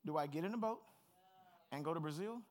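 A man's voice: fairly high pitch, animated, brisk. A middle-aged man preaching a sermon as pastor, earnest, personal and plain-spoken.

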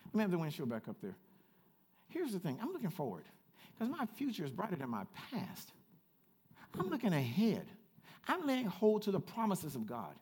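A man preaching a sermon as pastor, swinging from quiet asides to loud repeated calls and chatting with the congregation. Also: high-pitched, huge pitch swings, moderate pace, pauses often, slightly rough. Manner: chatty with the congregation, laughs at himself. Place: church.

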